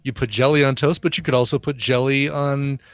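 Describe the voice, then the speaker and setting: A man's voice: mid-range voice, fairly even intonation, a little fast, clear, resonant tone. A man co-hosting a podcast in casual chat, musing and making playful arguments. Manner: chatty, musing, argues playful points. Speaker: podcast co-host.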